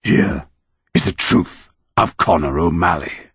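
An ancient tree monster from a storybook, grave and relentless, speaking slowly, as a male reader puts it on. Its voice is low and a little husky, delivered close and dry. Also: a bit bright, no room sound, heavily acted. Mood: solemn. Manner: slow, solemn and unyielding.

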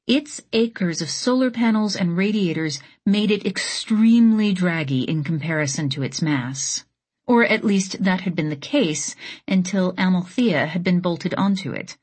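A woman narrating an audiobook in a steady, measured reading. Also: fairly low pitch, breathy edge. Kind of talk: scripted narration.

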